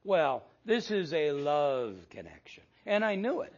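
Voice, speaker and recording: A man's voice: fairly high pitch, sing-song, unhurried, muffled recording. An older man preaching a sermon as pastor, telling stories with quoted dialogue and self-deprecating asides.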